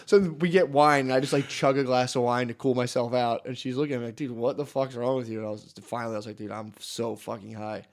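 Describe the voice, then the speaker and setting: A man's voice: medium pitch, steady tone, fast, few pauses. A young man co-hosting a podcast, telling rambling stories in casual chat, laughing often and swearing heavily. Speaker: podcast co-host.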